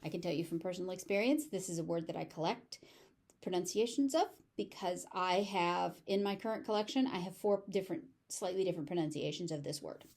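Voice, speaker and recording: An American woman teaching pronunciation, saying each word slowly and clearly several times and then explaining it. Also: fairly low pitch, a little mellow. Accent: General American. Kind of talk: slow, careful pronunciation lesson.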